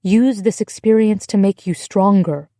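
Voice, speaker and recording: Woman playing a gentle but firm American friend, mellow tone, dry close mic. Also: medium pitch, unhurried, no echo, close to an everyday voice. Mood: reassuring. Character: kind, steady American woman in Paris.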